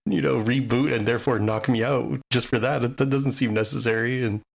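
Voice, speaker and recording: A man's voice: medium pitch, fairly even intonation, a little fast, creaky. A man talking as a podcast co-host, giving his thoughts in a casual, rambling way. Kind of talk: casual discussion.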